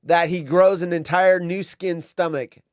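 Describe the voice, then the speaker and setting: A man's voice: high-pitched, fairly even intonation, measured pace, no echo, studio quality. A man hosting a podcast in casual chat, teasing his co-host with jokey banter.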